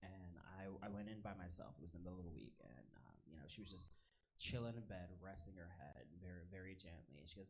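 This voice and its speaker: A man's voice: low voice, expressive, fast talker, gravelly. A man performing a stand-up comedy set in a club, chatting with the crowd and telling stories in a conversational way. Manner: crowd work, conversational storytelling. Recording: noisy live club recording. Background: audience laughter.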